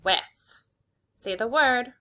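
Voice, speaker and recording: A woman teacher leading a phonics lesson for young children, slowly sounding out words and giving simple, encouraging instructions. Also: a little high, bright, forceful tone. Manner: slow, clearly segmented sounding-out of words.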